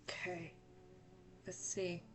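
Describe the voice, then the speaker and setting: A woman's voice: fairly low pitch, completely flat delivery, takes it slowly, fairly bright tone. A young woman giving casual, chatty commentary while playing a horror game. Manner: chatty, self-deprecating. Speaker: gaming streamer.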